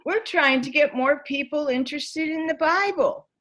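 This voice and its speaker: A woman doing a prim, wary canvasser standing on a doorstep, her voice lifted noticeably higher than the storyteller's own. She sounds earnest at first and grows guarded and questioning. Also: moderate pace, a bit bright. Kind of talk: quoted character in a spoken anecdote.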